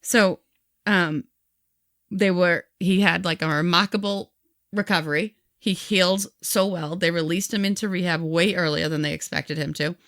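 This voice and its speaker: A woman's voice: fairly low pitch, steady tone, moderate pace, a bit bright, no echo, studio quality. A woman co-hosting a podcast, retelling someone else's story in casual chat and quoting the people in it. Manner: retells a story animatedly, quoting people in their own words. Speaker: podcast co-host.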